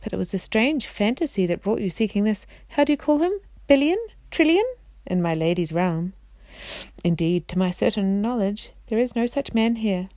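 A woman's voice: mid-range voice, expressive, normal speed, mellow, no echo, studio quality, natural voice. A woman voicing a proud young man knight in a storybook read-aloud, speaking in formal archaic phrases. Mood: courtly.

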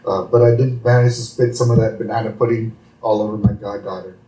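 A man's voice: fairly low pitch, steady tone, fairly quick, mellow. A man co-hosting a podcast, chatting casually and laughing while he recaps an episode. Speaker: podcast co-host. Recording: roomy, distant mic.

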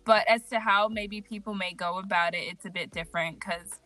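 A young woman co-hosting a podcast, telling stories in an animated, casual way and laughing often. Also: mid-range voice, a little fast, faint music behind. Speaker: podcast co-host. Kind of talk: casual chat.

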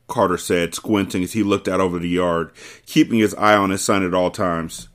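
A man hosting a podcast, reading a novel aloud and breaking off for animated, profane asides. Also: low-pitched, moderate pace. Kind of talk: novel reading with casual commentary.

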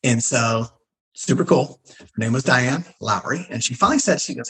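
A man's voice: mid-range voice, moderate pace, poor audio. A middle-aged man speaks as an interview guest, telling his stories casually. His voice rises and falls a lot as he acts out what other people said. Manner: animated, acts out quoted people. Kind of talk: casual storytelling.

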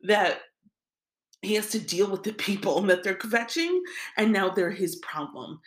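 A woman's voice: medium pitch, unhurried. A woman teaching a scripture lesson in a casual, conversational way, retelling the text in everyday speech. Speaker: Torah teacher.

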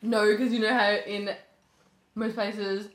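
Woman podcast host, casual and animated, swears freely, mid pitch, echoey room. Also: slow. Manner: animated storyteller, swears freely, laughs often. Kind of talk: casual chat.

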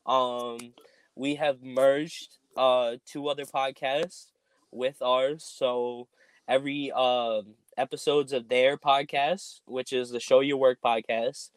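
A man's voice: medium pitch, flat delivery, takes it slowly, clear, resonant tone, no room sound. Guy hosting a podcast, lots of ums, dry close sound. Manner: rambling, many ums. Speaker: podcast host. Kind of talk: casual podcast chat.

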